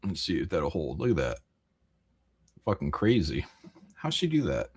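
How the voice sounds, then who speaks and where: A man's voice: low voice, wildly swooping pitch, moderate pace, husky. A man hosting a casual live stream, rambling through chat messages with frequent jokes, laughs and swearing. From American Midwest.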